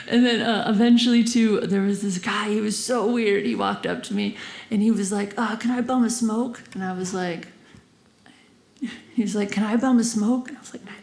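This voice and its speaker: A young woman telling a stand-up story on stage, giggling through her lines and acting out voices. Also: high voice. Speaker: stand-up comedian. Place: comedy stage before a live audience. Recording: roomy stage sound, audience noise.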